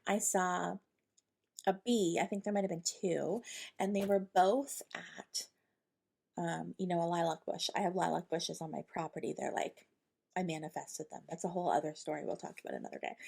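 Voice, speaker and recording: A woman talks in a loose, rambling way as the host of a spiritual podcast. She acts out her own inner thoughts as quotes. Her voice sits at a middle pitch with a gravelly edge. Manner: chatty and rambling, with many fillers and quoted inner dialogue. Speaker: podcast host, intuitive channeler. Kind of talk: casual spiritual monologue.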